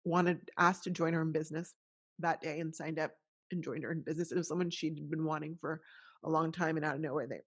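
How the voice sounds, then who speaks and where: A woman's voice: deep voice, little pitch movement, fast talker, slightly rough. A middle-aged woman hosting a podcast, talking in an earnest, emotional, motivational way with frequent restarts. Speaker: podcast host. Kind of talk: casual motivational monologue.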